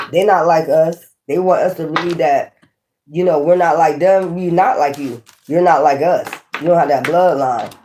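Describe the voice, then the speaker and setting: A woman giving a casual tarot reading to viewers, cursing freely, animated and laughing often. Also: low-pitched, a little hiss or hum. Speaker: tarot reader.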